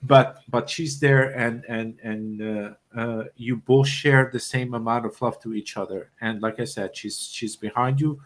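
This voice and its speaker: Emotional, halting male psychic medium. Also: medium pitch, fairly even intonation. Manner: halting, repeats words, emotional. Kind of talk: live psychic reading.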